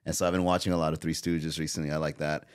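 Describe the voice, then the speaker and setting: A man's voice: rumbling low, flat delivery, rapid-fire, smooth. A man, a comedian guest on a podcast, chatting casually and rambling with many fillers and restarts.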